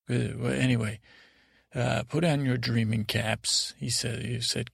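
A man improvises a bedtime story as host of a podcast, and he wanders and loops back as he goes. His voice is gravelly and mid-pitched. The sound is close and dry. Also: flat delivery, normal speed, no room sound. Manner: rambling, meandering.

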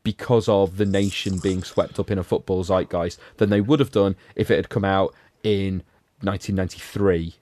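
A man's voice: sits low, steady tone, normal speed, a little mellow, dry recording. A man talking casually about an old film as a podcast co-host, thoughtful and wry, often restarting his sentences. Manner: thoughtful, self-correcting, wry.

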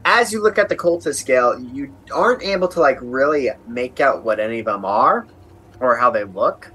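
A man narrating as game master of a tabletop game, describing scenes in a halting way with many fillers. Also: mid-range voice, lively intonation, pushed and bright, breathy edge, low-quality recording.

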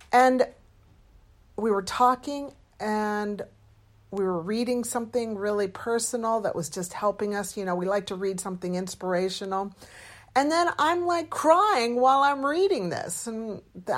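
Earnest, expressive woman podcast host. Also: mid-range voice. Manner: earnest, open and expressive, with lively swings in tone. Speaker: podcast host and medical doctor. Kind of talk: personal storytelling podcast.

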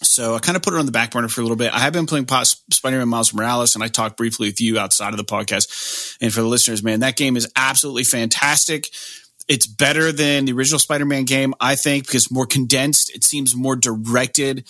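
Bright, chatty male podcast host. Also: mid-range voice, steady tone, fast talker, no room sound. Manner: rambling, profane, lots of fillers. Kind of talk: casual chat.

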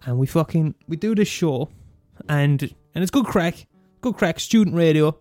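A man's voice: on the high side, normal speed, no room sound, faint music behind. Sweary young Irish man ranting. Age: 20s. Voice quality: sweary, animated rant. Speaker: student radio host. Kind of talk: casual monologue.

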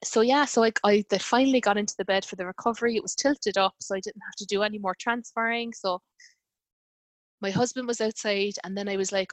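A woman's voice: mid-range voice, fairly even intonation, fairly quick, no room sound. A woman in her thirties telling a personal story in casual conversation, with lots of fillers and quoted dialogue.

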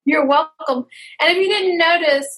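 A woman's voice: very high voice, moderate pace, low-quality recording. A woman from the Southern United States with a Southern accent, hosting an interview podcast in an upbeat, chatty way. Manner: upbeat, chatty, lively welcomes. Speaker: podcast host.

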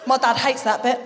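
A woman doing a punchy, chatty stand-up set in a theatre before a live audience, with a mock-outraged edge. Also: very high-pitched. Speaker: stand-up comedian. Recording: echoey live venue with noise.

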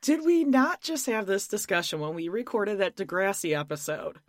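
A woman's voice: mid-range voice, lively intonation, normal speed, no room sound, clean studio sound. A woman podcast co-host reacting with short interjections and follow-up questions in casual chat.

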